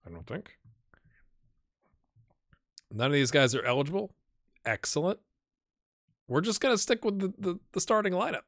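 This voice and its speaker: A man chats his way through a live game stream, musing aloud as he clicks through menus. His voice is bright and forward, and the sound is dry and close, with no room behind it. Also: sits high, lively intonation, normal speed, pauses often, no echo. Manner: chatty, talks to himself while playing. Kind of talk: casual live-stream commentary.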